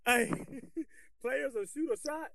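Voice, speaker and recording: High-voiced man chatting on a podcast. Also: slow pace, creaky, crowd noise. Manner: animated, colloquial, restarts often. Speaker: podcast co-host, basketball coach. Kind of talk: casual podcast chat.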